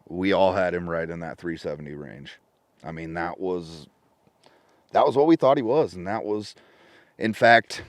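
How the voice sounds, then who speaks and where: A middle-aged man telling a story in casual podcast conversation, lively and acting out his phone calls with friends and family. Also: low-pitched, no room sound. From Washington State. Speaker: podcast guest.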